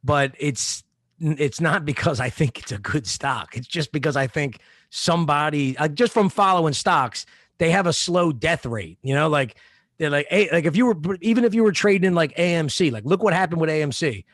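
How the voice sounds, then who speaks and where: A man's voice: a little high, lively intonation, normal speed, a bit bright, dry recording. A man co-hosting a podcast in casual chat, rambling and swearing freely. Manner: rambling, profane, laid-back. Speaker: podcast co-host.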